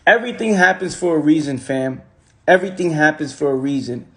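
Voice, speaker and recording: A man's voice: a little high, animated, brisk, a bit bright. A man giving a casual motivational talk on a phone livestream, repeating lines for emphasis and using slang. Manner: repetitive, emphatic, preachy. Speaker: motivational speaker.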